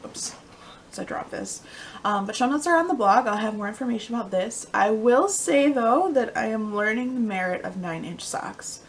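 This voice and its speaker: A woman's voice: fairly high pitch, lively intonation, moderate pace, few pauses, poor audio. Woman, young adult, casual podcast host, rambling, lots of ums, faint background noise. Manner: rambling, chatty, many ums, trails off into quiet asides. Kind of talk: casual knitting podcast chat.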